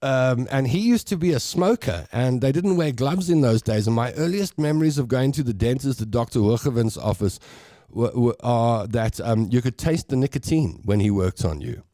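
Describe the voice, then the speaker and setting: A man's voice: medium pitch, expressive, warm tone, no room sound, studio quality. A South African man hosting a casual livestream chat, reading viewer comments aloud and rambling through stories with a laugh. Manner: chatty, rambling, quick to laugh at his own jokes. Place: home studio.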